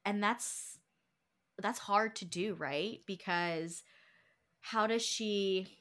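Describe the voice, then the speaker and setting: A woman's voice: medium pitch, extremely slow. A young woman hosting a book club chat, reading quotes aloud, laughing and getting emotional as she talks. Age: young adult. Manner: emotional, warm-hearted, laughs often, reads quotes aloud. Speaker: book club podcast host. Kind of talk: casual chat.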